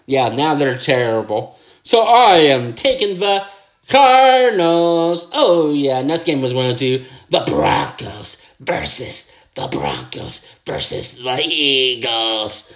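A man hosting his own football picks show, excitable, with catchphrases and mouth sound effects. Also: medium pitch, slow. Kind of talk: casual sports picks video.

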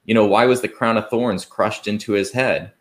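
A man delivers a sermon in a slightly low voice. He speaks earnestly, in a conversational way, asking his listeners rhetorical questions and quoting scripture. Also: steady tone, normal speed. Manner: conversational, with fillers and restarts. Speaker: preacher.

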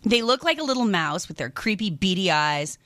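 Radio host lady, bright sharp voice, dry close studio sound, chatty and grossed out a lot. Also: medium pitch, normal speed, dry recording. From lived in New York. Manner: chatty, animated, exclaims in disgust. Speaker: radio shopping show host. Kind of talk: casual radio chat.

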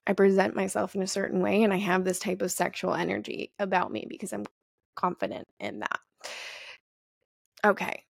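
A young adult woman hosting a solo podcast, telling personal stories in a candid, profane, animated way. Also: mid-range voice, moderate pace, gravelly, pauses often, dry recording, clean studio sound. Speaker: podcast host. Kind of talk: casual solo podcast monologue.

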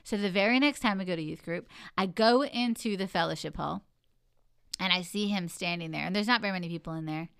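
A woman in casual conversation, telling a story in an animated, expressive way. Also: lowish voice, a little fast, gravelly, clean tone, no echo, clean studio sound. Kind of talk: casual chat.

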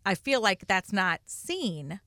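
A candid woman in her forties co-hosts a podcast in a relaxed chat. Her voice is bright and smooth, and she often acts out what others said to her. The sound is dry and close. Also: mid-range voice, slow pace, no echo. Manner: candid, earnest, laughs easily; acts out remembered dialogue. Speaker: podcast co-host. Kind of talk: casual chat.

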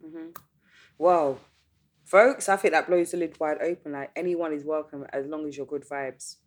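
A woman's voice: low-pitched, normal speed. A woman hosting a podcast, chatting casually and playfully with slang, thanking her guest and her listeners. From Caribbean heritage. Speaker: podcast host.

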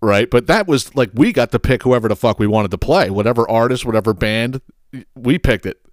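A man's voice: medium pitch, lively intonation, brisk, dry recording, clean studio sound. A middle-aged man who hosts a podcast, telling rambling, profane stories with frequent laughs and exasperation. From southeastern Pennsylvania. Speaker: podcast host. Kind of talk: casual solo podcast rant.

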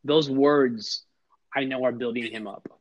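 A middle-aged man speaks earnestly as a podcast guest, his voice neither high nor low. He often repeats a word before his thought settles. The recording is slightly muffled and lo-fi. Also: steady tone, unhurried. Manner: earnest, emphatic, repeats words when starting sentences. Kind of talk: heartfelt conversational storytelling. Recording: slightly dull lo-fi sound.

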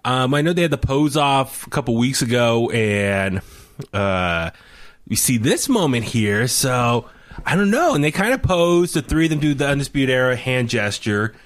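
A young man co-hosting a casual chat show, excitable and laughing often, with plenty of fillers. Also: medium pitch, normal speed. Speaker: podcast co-host.

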